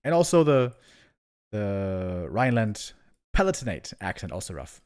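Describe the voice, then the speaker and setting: Playful, lively man casting a game stream. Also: fairly low pitch, normal speed, smooth. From Germany. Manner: playful, animated banter with sudden loud outbursts. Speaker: esports caster. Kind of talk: live game commentary and chat with viewers.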